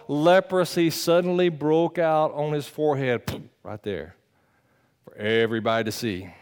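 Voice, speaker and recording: A pastor delivers his sermon conversationally and with animation, alternating loud bursts with quiet, earnest talk while teasing the congregation. His voice is a little high and clean-toned, and he takes his time.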